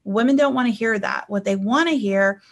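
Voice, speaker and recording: A woman's voice: mid-range voice, fairly quick. A woman life coach talking casually to her viewers on a live stream, telling personal stories and checking in with them. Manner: chatty, anecdotal, checks in with listeners.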